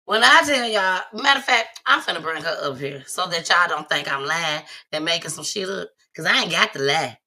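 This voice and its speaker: Bright-voiced animated woman talk-show host. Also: a little fast, few pauses. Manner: animated storyteller, bursts into loud high impressions. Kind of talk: casual chat.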